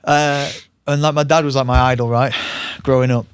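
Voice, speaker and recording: A man's voice: medium pitch, normal speed, clear, resonant tone, dry recording. Man, podcast host, storyteller, close dry mic. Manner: lively storyteller, chatty with frequent laughs. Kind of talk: casual podcast conversation.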